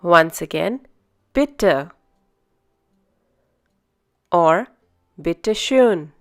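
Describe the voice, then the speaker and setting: A woman teaching a beginner language lesson, speaking slowly and carefully and repeating each phrase. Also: lowish voice, expressive, faint music behind. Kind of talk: scripted language lesson narration.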